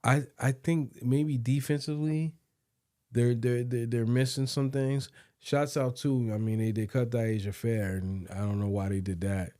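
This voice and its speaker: A man's voice: mid-range voice, steady tone, a little slow, dark tone, dry recording, studio quality. A man co-hosting a podcast, chatting casually about sports and often repeating words as he thinks aloud. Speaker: podcast co-host.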